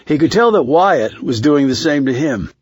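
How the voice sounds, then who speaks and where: Steady male thriller narrator. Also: on the high side, breathy edge, no room sound, muffled recording. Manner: measured, steady reading. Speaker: audiobook narrator.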